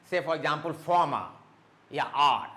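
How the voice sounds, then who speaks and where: Tutor, male, slightly high voice, drills words slowly, mixes in Hindi. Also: lively intonation, a bit bright. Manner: slow, repeats words and says okay often; mixes Hindi explanations into English. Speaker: English teacher. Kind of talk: spoken English lesson.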